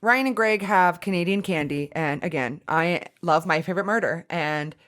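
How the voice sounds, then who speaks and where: A woman co-hosting a podcast in casual chat, animated and swearing freely, with lots of fillers. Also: lowish voice, moderate pace. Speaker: podcast co-host.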